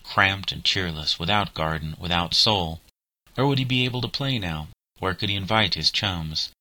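A man reading a children's story aloud in a measured, even voice. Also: sits low, dry recording, low-quality recording. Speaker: narrator.

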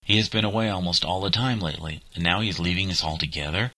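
An indignant, bitter young schoolboy, as a man reads him. The voice is very deep and forceful, recorded dry and close. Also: quick pace, no echo, heavily acted.

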